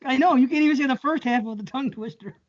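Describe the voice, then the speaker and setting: A man's voice: very high-pitched, fast, dull audio. A man co-hosting a podcast, bantering crudely, swearing freely and laughing often. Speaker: podcast co-host.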